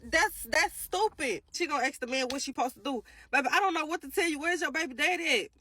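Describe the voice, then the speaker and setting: A young woman rants bluntly and with exasperation. Her voice sits high and sounds bright and sharp. The recording is dry and close. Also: quick pace, no room sound, poor audio. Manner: blunt, exasperated, heavy slang. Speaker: commentator. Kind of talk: casual reaction commentary.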